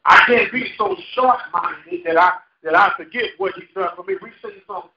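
A male pastor preaching a sermon with call-and-response, laughing at times and rising into shouts. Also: high-pitched, a little fast, few pauses. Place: church sanctuary. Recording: echoey church hall, lo-fi. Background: congregation responding.

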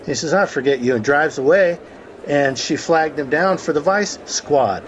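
A man's voice: fairly high pitch, normal speed. Man, story-telling host, conversational, acts out quotes, muffled call audio, faint noise behind. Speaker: host of a call about the law.

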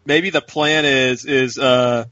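A man co-hosts a casual podcast, rambling and joking, with frequent restarts in his sentences. His voice sits at a middling pitch and sounds dry and muffled, as on a lo-fi call. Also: fairly even intonation, slow pace, sharp tone, no echo. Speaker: podcast co-host. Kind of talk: casual chat.

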